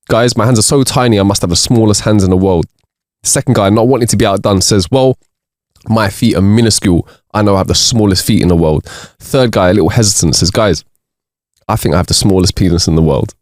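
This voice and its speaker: A man's voice: fairly low pitch, a little mellow, dry recording, studio quality. A man co-hosting a podcast, reading jokes aloud in casual chat and laughing between them. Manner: reads jokes with bursts of laughter. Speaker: podcast co-host.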